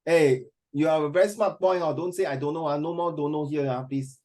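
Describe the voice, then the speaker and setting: A middle-aged Singaporean man teaches a class in a slightly raised, mellow voice. He teases his students and slips between English and Mandarin as he calls on them. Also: on the high side, a little fast. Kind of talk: classroom discussion.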